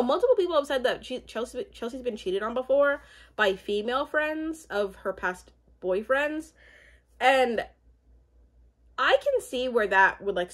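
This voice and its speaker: A young woman in casual chat, rambling with many fillers and asides as she recaps a reality show. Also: fairly high pitch.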